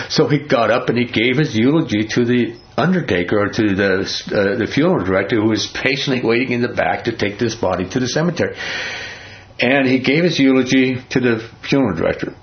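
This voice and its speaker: A man's voice: medium pitch, a little fast, muffled recording. A man preaching a sermon in a conversational, rambling way, often restarting his sentences.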